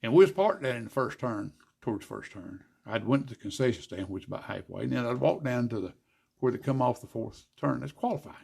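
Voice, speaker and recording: An older man with a drawl spins racing yarns in a heavily gravelly, rough voice. He talks in a folksy, lively way and acts out each side of the conversation. His voice sits at an ordinary pitch but carries a husky grain. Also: quick pace. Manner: folksy, animated storyteller acting out dialogue. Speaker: guest, former racer and car builder. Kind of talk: casual storytelling interview.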